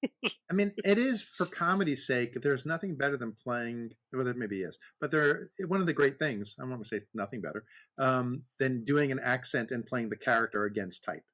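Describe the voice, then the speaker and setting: A man's voice: mid-range voice, animated, moderate pace, fairly bright tone. Man telling digressive stories in casual chat. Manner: digressive, self-correcting storyteller. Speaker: podcast co-host.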